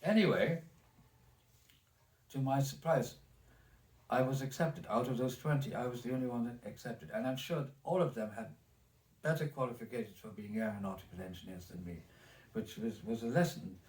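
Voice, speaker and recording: A man's voice: mid-range voice, normal speed, darkish tone, far from the mic. A man in his eighties with a German accent, recalling his life in a recorded oral history interview, rambling with many restarts and repeated words. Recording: echoey room, off mic.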